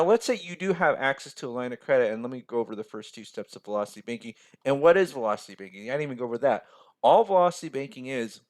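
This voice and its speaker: A man with an American accent hosting a casual finance explainer, talking in a chatty, rambling way and asking "right?" often. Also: mid-range voice. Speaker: financial mentor, video host.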